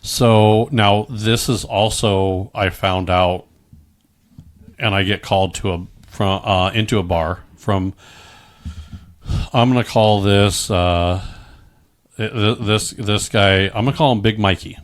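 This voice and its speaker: A man's voice: on the low side, steady tone, slow. A middle-aged man telling his own story in casual chat, rambling with many stammered restarts and frequent swearing.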